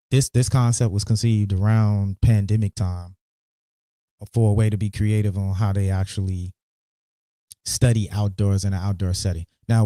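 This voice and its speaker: A man hosting a casual commentary livestream, animated and teasing, often repeating words as he talks. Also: medium pitch, dry recording, studio quality. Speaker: podcast host.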